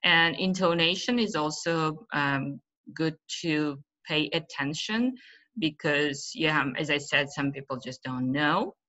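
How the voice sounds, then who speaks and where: A woman gives an online webinar on teaching. She talks slowly in a low, bright voice and often stops to search for a word. The call audio is muffled and lo-fi. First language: Uzbek. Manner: hesitant, many fillers, loses her thread. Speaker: webinar presenter, teacher trainer.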